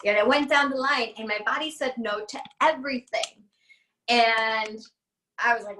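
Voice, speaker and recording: A casual, chatty woman teaching an online class and laughing easily. Her voice sits a little high. She is heard from a distance in an echoey room over a video call. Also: normal speed, a bit bright.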